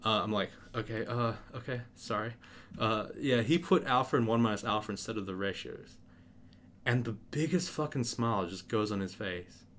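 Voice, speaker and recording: A young man hosting a gaming channel, telling a story in a casual, animated way, swearing freely and acting out the scenes before he turns to game commentary. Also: lowish voice, normal speed, slight background noise. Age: young adult.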